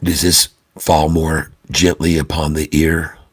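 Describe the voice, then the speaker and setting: A man putting on a quiet, murmured golf commentator voice, speaking low and gentle. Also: flat delivery, slow, slightly rough, dry recording, studio quality, full character voice. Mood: hushed. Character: hushed male golf commentator, soft and gentle.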